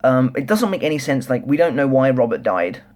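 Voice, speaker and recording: A man's voice: mid-range voice, fairly quick. Rambling young man reviewing manga. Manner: rambling, lots of ums and restarts, excitable. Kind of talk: casual solo review chat.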